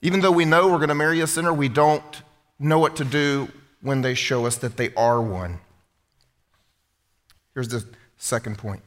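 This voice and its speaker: A man preaching a sermon as pastor, animated and quizzing his congregation in a church. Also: medium pitch, normal speed, pauses often, long reverb tail. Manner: animated, questioning the congregation directly. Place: church sanctuary.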